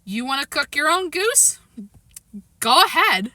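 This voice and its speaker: An exasperated, sarcastic boy, voiced by a woman reading aloud, bright and lively, with the dry, close sound of a narrator's mic. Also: sits high, unhurried, dry recording, pitched above the performer's own voice, heavily acted. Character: worried, exasperated older boy.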